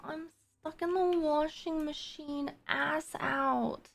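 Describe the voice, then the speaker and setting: A woman voicing a silly, whiny woman stuck and pleading for help in a creaky, drawn-out way. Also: high voice, steady tone, exaggerated voice.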